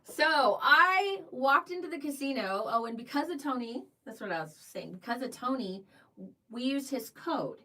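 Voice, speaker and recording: A woman's voice: high-pitched, animated, normal speed, sharp tone, far from the mic, poor audio. A woman co-hosting a casual live-stream show, telling stories in a chatty, giggly way. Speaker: co-host of a live cruise show.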